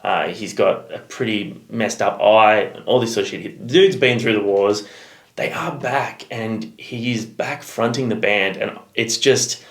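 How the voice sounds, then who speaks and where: A man's voice: on the low side, measured pace. An Australian man co-hosting a music reaction video, chatting casually and swearing freely. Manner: laid-back, swears casually. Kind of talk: casual chat. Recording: roomy echo.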